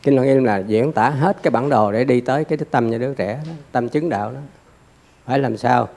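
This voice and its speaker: A man's voice: medium pitch, fast talker, darkish tone. Earnest man answering his teacher. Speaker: lay student. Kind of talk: respectful reply to a teacher.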